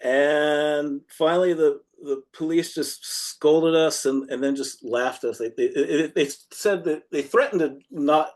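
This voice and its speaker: A man's voice: a little high, unhurried, hardly any pauses. A man, a punk guitarist guest, telling a long road story in a rambling, casual way, laughing often and acting out quotes.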